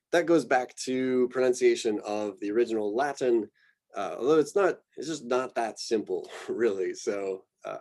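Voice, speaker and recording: An American man lecturing on botanical names, relaxed and thinking aloud with many fillers. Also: medium pitch. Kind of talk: recorded slide presentation.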